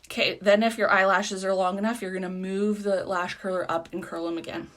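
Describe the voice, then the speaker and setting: A woman's voice: medium pitch, level tone, fairly quick, a bit bright. A woman giving a casual live makeup tutorial as a beauty product consultant, chatty, rambling and self-deprecating.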